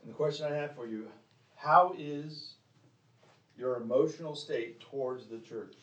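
A man preaching a sermon in a church, pressing the congregation with direct questions, with sharp emphatic rises and drops. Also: mid-range voice, measured pace, muffled recording. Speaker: pastor. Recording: echoey room, mic at a distance.

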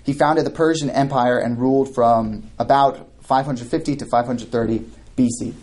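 Brief: male Bible teacher, mid-pitched, conversational, reads a passage then explains it, lots of restarts. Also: fairly even intonation, moderate pace, darkish tone. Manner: conversational, with frequent restarts and asides; reads scripture aloud then comments. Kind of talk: verse-by-verse Bible study teaching.

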